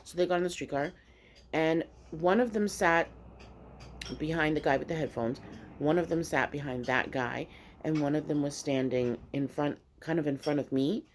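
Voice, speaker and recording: A woman vlogger telling a story in casual mukbang chat, animated and swearing freely. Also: deep voice, moderate pace, a little hiss or hum.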